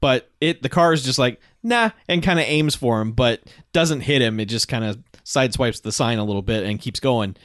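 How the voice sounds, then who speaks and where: A man's voice: medium pitch, a little fast, hardly any pauses, fairly bright tone, dry recording, studio quality. Jokey man recapping a movie. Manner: jokey, acts out characters in silly voices, laughs often. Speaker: podcast co-host. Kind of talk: casual movie recap chat.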